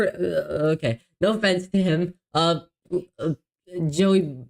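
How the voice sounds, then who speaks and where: A man hosting a live stream in casual chat, excitable and apologetic, often stumbling over his words and laughing. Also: a little high, takes it slowly, low-quality recording. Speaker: livestream host.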